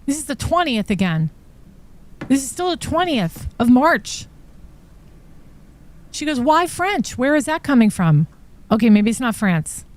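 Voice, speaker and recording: A woman's voice: a little high, sing-song, unhurried, pauses often. A woman hosting a true crime live stream, reading text messages aloud and reacting with shocked asides. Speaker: true crime podcast host. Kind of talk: live-stream commentary reading trial exhibits.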